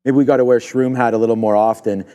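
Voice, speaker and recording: A man's voice: mid-range voice, fairly even intonation, fast talker, dark tone, clear, resonant tone. A man hosting a live trading stream, talking through his trades in a loose, filler-heavy way. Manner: rambling, filler-heavy, thinking aloud. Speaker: live trading show host. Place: trading desk studio.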